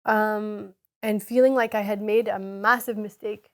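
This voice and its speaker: A woman's voice: medium pitch, fairly even intonation. A woman co-hosting a podcast, sharing a personal story in a hesitant, reflective way. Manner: slow, reflective, hesitant with many ums. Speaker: podcast co-host.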